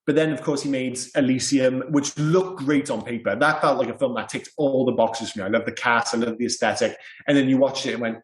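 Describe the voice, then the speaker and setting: Guy on a film podcast, animated, swears a lot, laughs easily, echoey room. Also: medium pitch, brisk, hardly any pauses. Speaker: podcast co-host. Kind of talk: casual film podcast chat. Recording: roomy echo.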